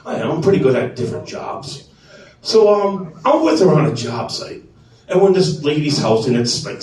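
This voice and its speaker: A man in his forties doing stand-up on a club stage, his voice pitched high for a man and swinging widely up and down. He talks with profane, animated energy and bursts into shouts. The sound is very echoey and caught from a fair distance. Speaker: stand-up comedian. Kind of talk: stand-up set.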